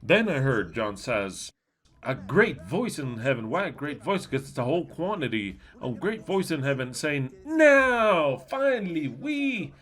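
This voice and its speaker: A man giving a livestreamed Bible teaching. He is emphatic and asks many rhetorical questions, swinging between loud and soft, with blunt, coarse asides. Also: medium pitch, very animated, normal speed.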